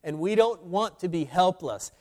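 A man's voice: high voice, animated, normal speed, a little mellow. A man preaching an expository sermon, emphatic, often repeating words as he restarts. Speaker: pastor.

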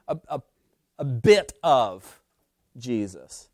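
A man's voice: a little high, darkish tone, dry recording, studio quality. A man preaching a sermon, opening with prayer and building to emphatic, rising points. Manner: slow, deliberate preaching that builds to emphatic peaks. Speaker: pastor.

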